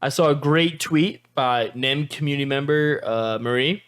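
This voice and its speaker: A man's voice: mid-range voice, normal speed, fairly bright tone, smooth. A man hosting a casual podcast, putting upbeat questions to his co-hosts. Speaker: podcast host.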